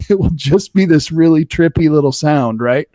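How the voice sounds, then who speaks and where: A man's voice: fairly high pitch, normal speed, mellow, dry recording, clean studio sound. A man being interviewed about his poems, talking thoughtfully and rambling, with many fillers and restarts. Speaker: poet guest. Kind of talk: casual conversation about poetry.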